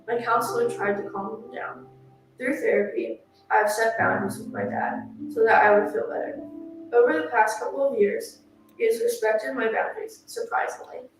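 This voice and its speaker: A woman narrating for a true-crime channel, reading a written statement aloud in a steady, earnest way. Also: on the high side, normal speed. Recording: echoey and distant, music behind. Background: music.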